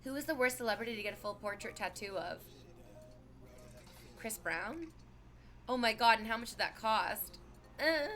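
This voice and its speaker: A woman in her thirties streaming and chatting casually as she reads viewer messages, lively and animated, bursting into laughs and exclamations. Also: fairly high pitch, moderate pace, pauses often.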